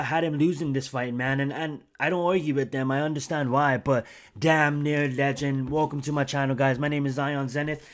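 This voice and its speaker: A young man hosting his own channel, chatting casually and excitedly about a fight, rambling with lots of fillers and restarts. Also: on the high side, a little hiss or hum. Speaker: YouTube channel host. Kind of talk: casual fight commentary vlog.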